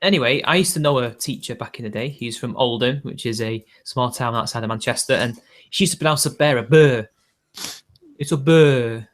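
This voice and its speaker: A man's voice: medium pitch, fast, fairly bright tone. A man hosting a casual online chat, joking around and slipping into mock regional accents. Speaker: show host.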